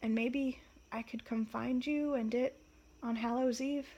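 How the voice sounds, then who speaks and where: Gentle wizard father, read by a woman, quiet, hesitant, soft, fairly high voice. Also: steady tone, unhurried. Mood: tender. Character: weary middle-aged father, gentle wizard.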